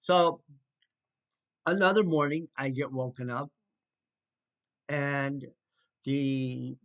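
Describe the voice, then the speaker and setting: A man telling a personal story in a casual, indignant way, with sarcastic asides and halting restarts. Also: medium pitch, steady tone. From United States. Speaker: storyteller recounting trouble with neighbors. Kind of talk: casual spoken storytelling to camera.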